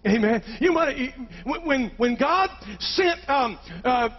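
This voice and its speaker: A man's voice: very high voice, expressive, takes it slowly, lo-fi sound. A pastor, preaching a fervent sermon and calling out to his congregation.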